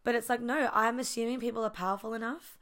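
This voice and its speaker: A woman's voice: on the high side, steady tone, quick pace, fairly bright tone. Woman, casual talker, reflective storyteller, plenty of fillers and quoted dialogue. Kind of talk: casual conversation.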